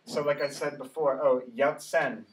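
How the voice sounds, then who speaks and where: A man's voice: mid-range voice, fairly even intonation, normal speed. A male English teacher running a classroom pronunciation drill, patiently saying words for the class to repeat and checking in with "right?". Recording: distant classroom recording.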